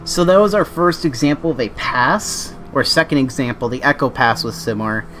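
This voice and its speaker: A man's voice: mid-range voice, a little fast, fairly bright tone, soft background music. A man streaming a video game, chatting casually in a rambling, self-correcting way with lots of fillers. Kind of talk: casual live game commentary.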